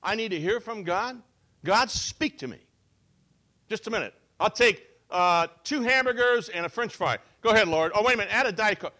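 A man voicing a hurried churchgoer who prays while ordering fast food at a drive-thru. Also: sits high, animated, pushed and bright, pitched above the performer's own voice. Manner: eager, rushed, distracted.

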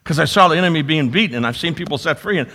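A man preaching a sermon, swinging between loud emphasis and quiet asides. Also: a little high, expressive, rapid-fire. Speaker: pastor.

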